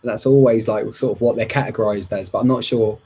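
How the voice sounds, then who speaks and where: A man's voice: fairly low pitch, fairly even intonation, a little fast, mellow, slightly rough, low-quality recording. A man in his thirties co-hosting a casual podcast, jokey and rambling. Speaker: podcast co-host.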